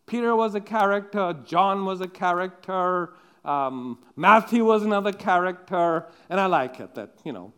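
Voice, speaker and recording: A man with a high voice preaching a sermon. He talks in a halting, chatty way, full of ums and restarts, and turns to his listeners with direct questions. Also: lively intonation, fairly bright tone, clean tone.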